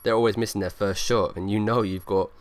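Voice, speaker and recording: A man's voice: fairly low pitch, steady tone, fairly quick. A young man rambling through casual gameplay commentary, leaning on lots of fillers. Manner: rambling, filler-heavy, talks over gameplay. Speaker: gaming YouTuber.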